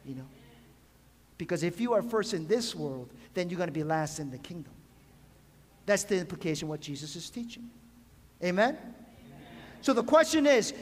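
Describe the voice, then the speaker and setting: A man's voice: very high-pitched, lively intonation, moderate pace, pauses often. A man preaching a sermon as pastor, asking the congregation questions and calling for amens. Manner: preaching with call-and-response questions. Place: church sanctuary. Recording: long hall reverb.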